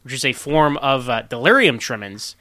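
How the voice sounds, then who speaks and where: A man co-hosting a casual podcast chat, sharing film trivia in a chatty, animated way and laughing often. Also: medium pitch, moderate pace, dry recording.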